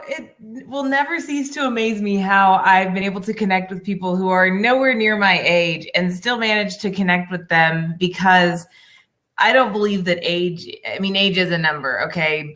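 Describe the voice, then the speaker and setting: Young woman coach from the American South. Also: on the low side. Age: young adult. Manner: animated storyteller acting out clients' words. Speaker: business coach. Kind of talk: guest on a talk show.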